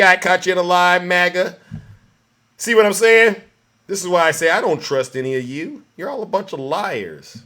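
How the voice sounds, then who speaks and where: A man's voice: high-pitched, normal speed. A man giving a mocking, ranting political commentary, often turning to his listeners with a direct address. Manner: mocking, keeps addressing "ladies and gentlemen".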